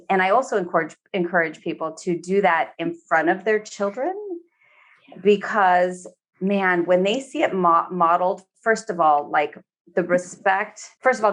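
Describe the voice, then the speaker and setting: A woman therapist talking in a relaxed podcast conversation, filling her speech with "you know" and slipping into quoted voices. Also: fairly low pitch. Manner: chatty, many fillers, acts out quoted speech.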